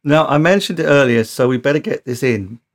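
A man's voice: medium pitch, expressive, brisk. Teasing male chat-show host. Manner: teasing, encouraging. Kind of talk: casual chat.

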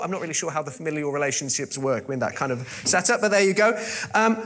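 A man's voice: a little high, animated, quick pace, hardly any pauses, fairly bright tone. A man preaching a sermon, retelling a scripture story with wry joking asides and frequent fillers and restarts.

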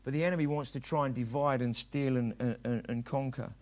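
A man's voice: medium pitch, fairly even intonation, brisk. A middle-aged man preaching a sermon as a pastor, talking conversationally and acting out dialogue in quoted voices.

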